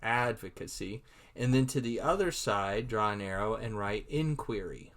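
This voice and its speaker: A man's voice: fairly low pitch, expressive, normal speed, fairly bright tone. A man giving a recorded online lecture, speaking conversationally with many repeated words and acting out his own thoughts.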